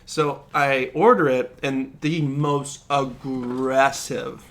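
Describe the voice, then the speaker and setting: A man co-hosting a podcast who tells stories in animated casual chat, swearing freely. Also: medium pitch, slow pace. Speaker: podcast co-host.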